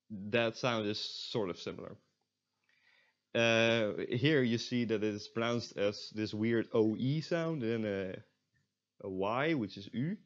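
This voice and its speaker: A man with a lowish voice, recorded with a muffled sound, teaches a beginner's language lesson online. He explains patiently, modelling sounds and repeating them slowly for learners, and drops in wry, self-deprecating asides.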